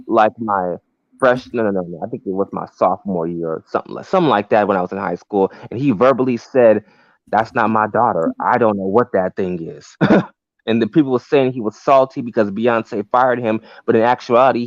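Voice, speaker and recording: A man co-hosting a casual podcast, telling stories in a drawn-out, conspiratorial way. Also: mid-range voice, dry recording. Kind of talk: casual chat. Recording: dull, dry lo-fi sound.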